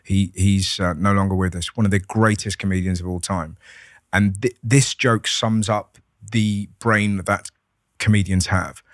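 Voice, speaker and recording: رجل إنجليزي يروي القصص بحيوية. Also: male voice, sits low, unhurried, no echo, studio quality. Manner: animated storyteller, acts out voices, swears freely. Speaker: comedian guest. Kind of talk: casual podcast conversation.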